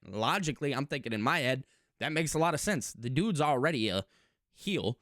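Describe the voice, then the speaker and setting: A man hosting a casual wrestling recap and opinion monologue, talking emphatically and repeating words when he gets excited. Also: medium pitch, brisk, no room sound, studio quality. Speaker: wrestling commentary channel host.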